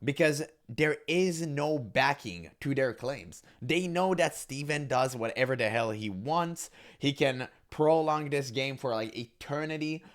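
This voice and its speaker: Scornful ranting man with lively pitch. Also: a little slow. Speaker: reaction commentator. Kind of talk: casual reaction commentary.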